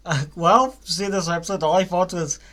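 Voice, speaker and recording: A man's voice: sits high, normal speed, fairly bright tone. A young man giving a casual, rambling spoken review of a cartoon series, with frequent fillers, restarts and blunt swearing.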